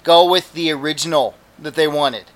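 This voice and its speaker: Bright, joking man on a podcast. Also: on the high side, normal speed. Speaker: podcast co-host. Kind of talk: casual fan podcast chat.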